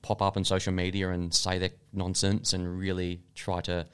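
A man's voice: low-pitched, completely flat delivery, moderate pace, a bit bright, clear, resonant tone. A man co-hosting a podcast, chatting casually and opinionatedly about basketball. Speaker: podcast co-host. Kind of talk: casual sports chat.

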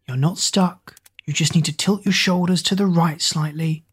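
A woman voicing a teenage boy who will become a king, speaking in a hushed, soothing, commanding way in a storybook reading. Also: on the low side, steady tone, normal speed, breathy edge.

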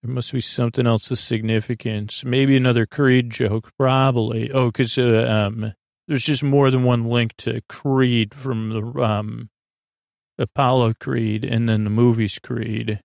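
A man's voice: medium pitch, level tone, unhurried, vocal fry, darkish tone, dry recording, clean studio sound. A man hosting a podcast, rambling through a casual episode recap with lots of fillers. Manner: rambling, filler-heavy retelling. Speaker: podcast host.

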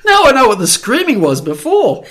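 Giggly guy, pitch jumping all over, lots of noise behind him. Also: huge pitch swings, brisk. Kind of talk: casual chat. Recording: loud background noise.

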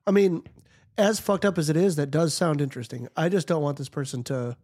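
A man's voice: on the high side, fairly quick, a little mellow. A man with a stuffy cold, co-hosting a podcast in casual chat, blunt and joking. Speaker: podcast co-host.

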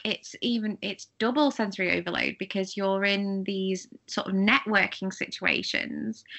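A young woman from England co-hosts a podcast in casual chat, her voice bright and crisp. She talks earnestly and leans into playful melodrama. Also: mid-range voice. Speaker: podcast co-host.

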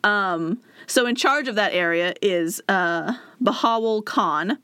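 A young woman recaps a campaign story in casual podcast chat. She is chatty and uses lots of fillers and quick acted asides. Her voice sits at a middle pitch, and the recording is dry and close. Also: sharp tone, clean tone, no echo. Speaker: podcast co-host.

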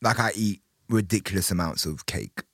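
A young man chatting casually as a guest, animated, laughing often and restarting his sentences. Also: deep voice, moderate pace, breathy edge, no echo, clean studio sound. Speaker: podcast guest. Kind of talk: casual chat.

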